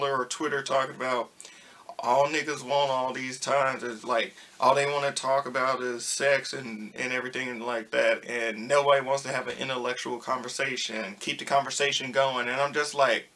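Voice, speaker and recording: A young man talking casually to his viewers in a vlog, telling a story and acting out the back-and-forth of a conversation. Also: medium pitch. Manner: animated storytelling, acts out quoted exchanges. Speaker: vlogger.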